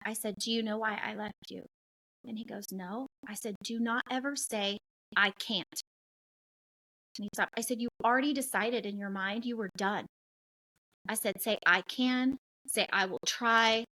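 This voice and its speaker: A middle-aged woman from the western United States hosting a podcast, telling stories in a lively, candid and blunt way. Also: fairly high pitch, low-quality recording. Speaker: podcast host. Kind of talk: casual chat.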